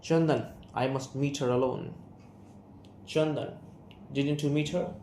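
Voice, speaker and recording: A man's voice: mid-range voice, steady tone, unhurried, mellow, natural voice. Chandan, a man reading a guarded son. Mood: defensive. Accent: Indian English. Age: young adult. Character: young man, guarded, estranged son and writer. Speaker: student reader. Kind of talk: reading an audio play aloud. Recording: roomy room, faint hiss.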